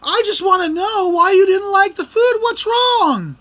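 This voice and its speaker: A man's voice: very high-pitched, animated, measured pace, pushed and bright, pitched above the performer's own voice, full character voice. A man mimicking a pushy male head waiter who keeps questioning a diner about her food. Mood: insistent. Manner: prying, insistent questioning.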